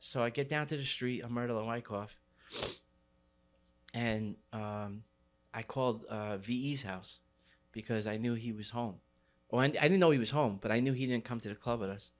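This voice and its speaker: A man's voice: mid-range voice, normal speed. A middle-aged man telling a story casually in loose street slang, full of "like" and "you know.". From New York City. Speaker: guest.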